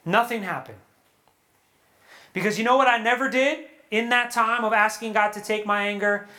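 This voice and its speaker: A man preaching at a young adult retreat, earnest and animated, acting out prayers and quotes before a live audience. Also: high-pitched, moderate pace. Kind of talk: sermon.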